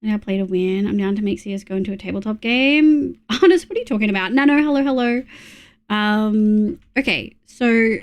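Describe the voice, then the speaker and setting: At medium pitch and a moderate pace, this Australian streamer talks casually to her audience while gaming. She's a young woman who mumbles under her breath and curses whenever something bugs her.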